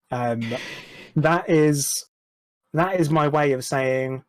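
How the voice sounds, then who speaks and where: A man's voice: mid-range voice, takes it slowly, no room sound, low-quality recording. A man, speaking frankly and reflectively as a podcast guest, swearing now and then. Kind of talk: candid interview chat.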